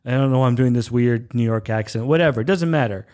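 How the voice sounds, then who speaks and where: A man in his thirties from Canada hosting a podcast, ranting in a rambling, self-interrupting way and jumping up in pitch when he gets irritated. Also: fast, a little mellow. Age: 30s. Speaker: podcast host. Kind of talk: casual monologue rant.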